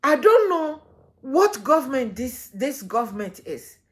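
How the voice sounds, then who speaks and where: A woman giving a reaction commentary, making impassioned appeals with her voice swinging between loud and soft. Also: sits high, big pitch swings, measured pace.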